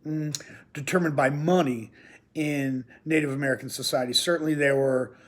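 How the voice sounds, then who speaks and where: A man's voice: fairly high pitch, steady tone, moderate pace, fairly bright tone. Chatty man teaching from home. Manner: rambling and chatty, with joking asides. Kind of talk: informal recorded lesson. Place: at home near his kitchen.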